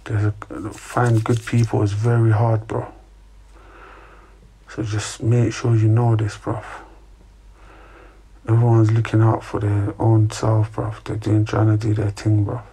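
A man's voice: fairly low pitch, completely flat delivery, unhurried, long pauses, dark tone, a little hiss or hum. A young man chatting casually to his livestream viewers, giving earnest life advice and ending lines with "bruv" and "innit". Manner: slangy, repeats "bruv" and "innit", gives earnest advice to chat. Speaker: livestream host.

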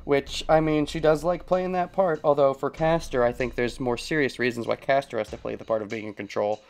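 Brief: male game streamer at mid pitch, relaxed play-along commentary with lots of little laughs. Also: a little fast, vocal fry. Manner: thinks aloud, chuckles often. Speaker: let's play host.

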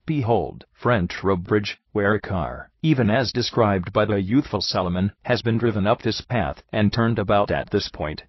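Man reading as an excitable French detective. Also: fairly low pitch, normal speed, hardly any pauses, slightly rough, no echo. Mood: urgent. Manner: theatrical, effusive, exclamatory. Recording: dull lo-fi dry recording.

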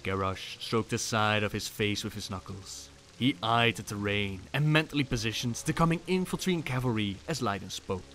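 A male voice actor reading a fantasy story aloud in a measured, dramatic style. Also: lowish voice, a bit bright. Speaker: narrator, voice actor. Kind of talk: scripted story narration.

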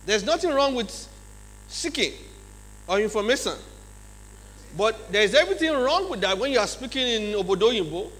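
A man with a Nigerian English accent giving a lively leadership seminar talk in a large church hall, often checking in with his audience. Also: very high-pitched, normal speed, pauses often. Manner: acts out examples in changed voices. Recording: long hall reverb, faint mains hum.

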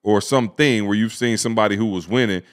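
A man co-hosting a casual podcast, talking sports in an excited, slangy way. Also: lowish voice, fast talker. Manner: excited, slangy, laughs a lot.

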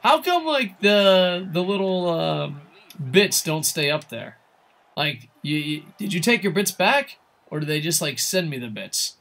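Man, game streamer, high bright voice, excitable, swears a lot, self-mocking rambling. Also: unhurried, creaky. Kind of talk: casual live-stream chat while gaming.

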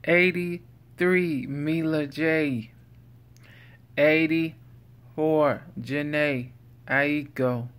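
Guy reading his list out real slow, bright tone, kinda goofy about it. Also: a little high, fairly even intonation, smooth. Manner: slow, deliberate list reading with playful silly asides. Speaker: vlogger. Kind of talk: reading a numbered list to camera.

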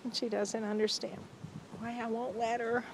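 A woman's voice: on the high side, level tone, normal speed, low-quality recording. A woman filming her dog in a windy backyard, talking to it in sing-song baby talk. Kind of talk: casual chat to her dog on camera. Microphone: handheld camera. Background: wind.

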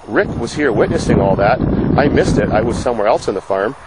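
A man's voice: mid-range voice, lively intonation, fairly quick, very noisy. A man who runs a farm vlog, telling a long story about a dispute in his own casual way, explaining his side outdoors. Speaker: farm vlogger.

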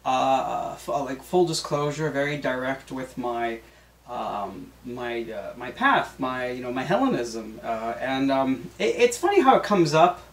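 A man's voice: mid-range voice, very animated, unhurried. A man hosting as substitute, talking casually about his religion with many fillers and restarts. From Greek heritage. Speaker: substitute host. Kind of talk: casual solo talk. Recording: echoey room, mic at a distance.

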